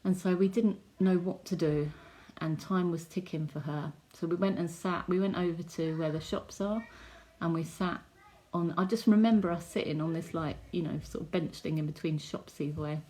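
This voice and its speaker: A woman's voice: lowish voice, steady tone, normal speed, warm tone. Chatty woman telling a faith story. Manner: chatty storytelling with many likes and ums; earnest, heartfelt. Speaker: testimony speaker. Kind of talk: personal faith testimony.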